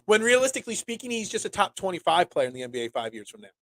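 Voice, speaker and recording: A young man hosting a casual solo sports talk show, rambling and animated with lots of restarts. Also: sits high, very fast.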